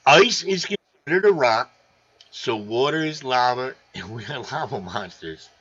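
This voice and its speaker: Gravelly, bright-voiced man hosting a stream. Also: medium pitch, unhurried. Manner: loose, excitable, reads chat comments aloud. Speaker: live stream host. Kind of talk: casual live stream chat. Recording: dull lo-fi stream audio.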